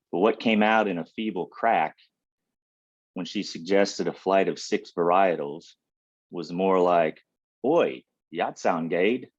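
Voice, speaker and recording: A man with a very low voice reads his own poems aloud in a dry, unhurried way. He is on a video call, and the audio is dull and lo-fi. The room sound is close and dry, with no echo. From Ohio. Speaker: poet reading. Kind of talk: poetry reading.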